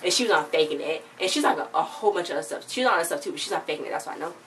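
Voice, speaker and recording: Low-voiced woman rambling through a recap. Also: animated, rapid-fire. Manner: rambling, filler-heavy, "like" every few words. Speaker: TV episode reviewer. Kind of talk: casual episode recap. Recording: distant mic, faint background noise.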